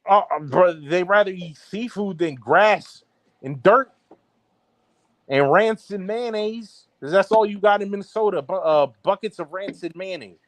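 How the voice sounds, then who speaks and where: A young man trash-talks with brash, mocking energy in heated sports banter. His voice sits a little high. The sound is dry and close, with no room around it. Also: unhurried, no room sound. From Baltimore, Maryland. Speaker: podcast co-host.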